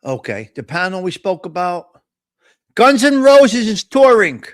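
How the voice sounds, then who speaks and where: A middle-aged man with a New York-area accent hosts a live morning chat stream in a high-pitched voice, rambling through crude, joking banter. The sound is close and dry. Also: very animated, unhurried, no room sound. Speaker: host of a live morning talk show.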